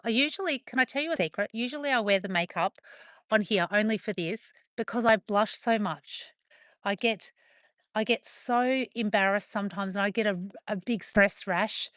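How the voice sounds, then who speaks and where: Broadcasting live from her farm, an Australian-accented woman talks to her viewers and calls to her dogs in turn. Her medium-pitched voice is a bit bright and moves at a moderate pace, captured in a dry, studio-quality recording.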